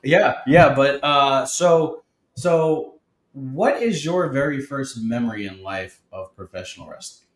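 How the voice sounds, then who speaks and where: A man's voice: medium pitch, a little slow. Upbeat male host asking easygoing questions, recorded with noticeable room echo. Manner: enthusiastic, says "man" a lot. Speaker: podcast host. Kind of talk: casual interview chat. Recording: roomy echo.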